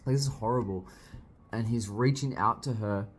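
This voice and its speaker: A young man reading a manga aloud and reacting, excitable, swearing often and bursting into loud exclamations. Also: lowish voice, normal speed, a little hiss or hum. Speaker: manga reviewer.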